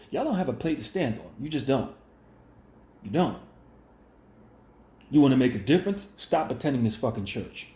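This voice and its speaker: Man vlogger, raised-pitch confrontational rant, echoey room sound. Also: a little mellow. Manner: confrontational, preachy, repetitive. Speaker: commentary vlogger. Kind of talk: ranting monologue commentary.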